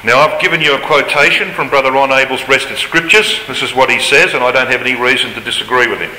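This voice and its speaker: A man's voice: medium pitch, fairly even intonation, fast, pushed and bright. A man giving an emphatic Bible study lecture, his voice rising when he reads scripture aloud. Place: large lecture hall. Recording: roomy hall reverb, faint ambience.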